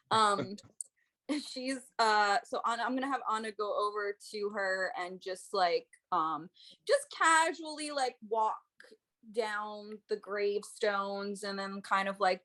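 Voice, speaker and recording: A woman's voice: mid-range voice, measured pace, fairly bright tone. A woman playing a tabletop game, describing her character's moves in a rambling, giggly, hesitant way. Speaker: player. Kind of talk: casual tabletop game play.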